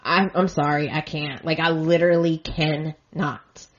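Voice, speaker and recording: A woman's voice: low-pitched, fairly even intonation, unhurried, muffled recording. A woman podcast host giving an earnest, emotionally invested recap that turns indignant at times.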